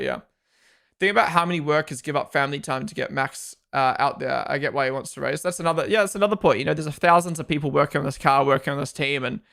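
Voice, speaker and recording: Kiwi guy in his 20s on a livestream, bit gravelly and a touch high, reading out chat and riffing back. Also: a bit bright. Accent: New Zealand. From New Zealand. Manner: chatty, reads viewer comments aloud and answers them. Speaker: livestream host. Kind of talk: casual live-stream chat.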